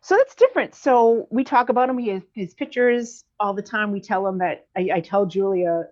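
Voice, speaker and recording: A woman's voice: medium pitch, lively intonation, normal speed, a little mellow. A woman in her thirties talking candidly in an interview, rambling with many fillers and restarts. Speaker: guest. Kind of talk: conversational podcast interview. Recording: dull lo-fi sound.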